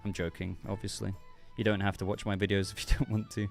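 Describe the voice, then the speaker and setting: A man's voice: fairly low pitch, flat delivery, fast talker, vocal fry, soft background music. A man hosting a casual livestream, chatting loosely and reading viewer messages, sounding congested with a cough. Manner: rambling, chatty, self-interrupting. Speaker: livestream host.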